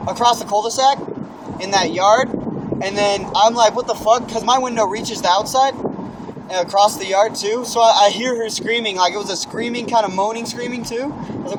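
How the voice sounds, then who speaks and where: Brief: young man, high voice, lively storyteller, wind noise on the mic. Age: young adult. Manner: animated storytelling, swearing, acting out his own yells. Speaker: friend telling a story. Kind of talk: casual chat.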